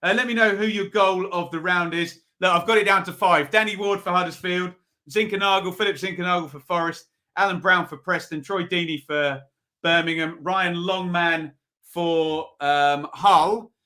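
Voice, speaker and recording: A man's voice: high-pitched, fairly even intonation, normal speed, pushed and bright. A man hosting a live football review show, chatting casually and reading out viewer votes. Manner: chatty, reads out viewer comments, pleading. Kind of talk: casual live-stream commentary.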